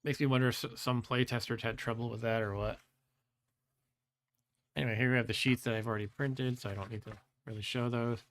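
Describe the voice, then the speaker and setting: A man in his forties hosting a live stream and reading a gamebook aloud in his own voice. He talks in a relaxed, chatty way, chuckles often and stumbles over foreign words. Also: mid-range voice, a little fast. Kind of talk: casual live-stream chat and read-aloud.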